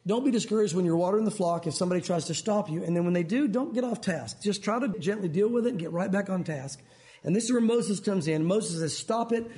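A man's voice: high-pitched, quick pace. A man giving a conversational Bible teaching to a men's group. He tells stories in a chatty way and says "you know" often. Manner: chatty, sprinkled with "you know", animated storyteller.

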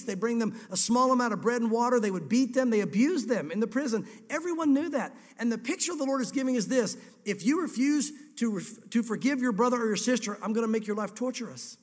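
High-voiced male pastor in a reverberant church. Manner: earnest, dramatizing scripture. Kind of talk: sermon.

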